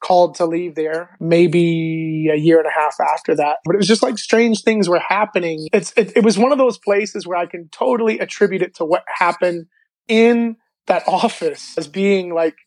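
Animated man sharing a faith testimony. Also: high-pitched, normal speed, no echo. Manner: animated storytelling with many filler words. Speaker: interview guest.

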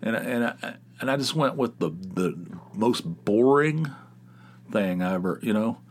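Middle-aged male podcast host, low voice, rambling and self-deprecating, casual solo chat. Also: animated, a little slow. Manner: rambling, self-mocking storyteller who gets fired up.

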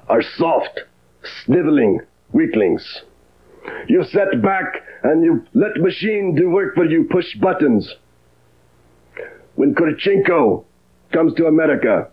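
A sneering Russian heel wrestler. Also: male voice, medium pitch, husky. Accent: fake Russian. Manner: slow, contemptuous, broken English. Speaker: wrestler in promo. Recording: dull archival TV audio.

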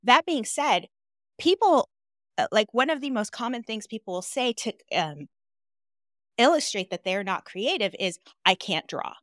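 A woman's voice: a little high, animated, moderate pace, no room sound, clean studio sound. Playful, emphatic woman guest. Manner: playful, laughs easily, emphatic. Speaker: interview guest, podcaster. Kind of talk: casual interview chat.

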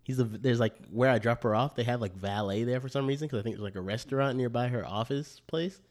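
A man co-hosting a podcast, telling stories in slangy, animated casual chat. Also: mid-range voice, fast talker. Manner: slangy, animated storyteller, repeats "bro". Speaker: podcast co-host.

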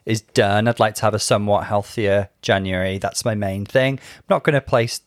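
A man's voice: fairly low pitch, fairly even intonation, normal speed, no room sound. Dry, teasing male podcast co-host. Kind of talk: casual chat. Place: Liverpool home studio.

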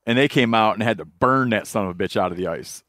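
A man's voice: lowish voice, fast, a bit bright, dry recording, studio quality. A man hosting a podcast, telling rambling fishing stories and laughing along in casual chat. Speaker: podcast host.

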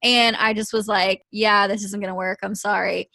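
A woman's voice: medium pitch, level tone, normal speed, gravelly, sharp tone, no room sound. Sweary woman telling a story. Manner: candid, sweary personal storytelling. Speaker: podcast co-host. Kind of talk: casual chat.

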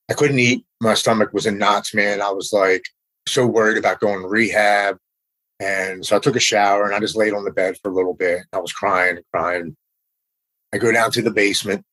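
Man, lowish husky voice, casual earnest storytelling, halting delivery. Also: fairly bright tone, rough recording. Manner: earnest, halting, repeats words when emotional.

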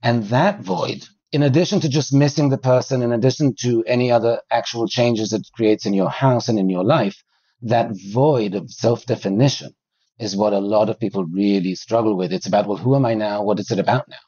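Husky man explaining calmly, dry sound. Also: mid-range voice, moderate pace, dry recording, dull audio. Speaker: psychologist guest. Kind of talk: interview explanation.

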